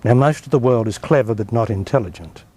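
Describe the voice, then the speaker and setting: A man's voice: medium pitch, quick pace, darkish tone, breathy edge. A man with an Australian accent, a spiritual teacher giving emphatic, blunt answers in an interview. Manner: emphatic, blunt, dismissive of objections.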